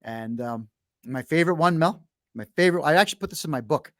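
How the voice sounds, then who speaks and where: A man's voice: a little high, expressive, fast, fairly bright tone, dry recording, clean studio sound. A brash middle-aged man hosting a podcast, telling a long story bluntly in casual chat. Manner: frequent restarts and fillers while telling a story. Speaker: podcast host.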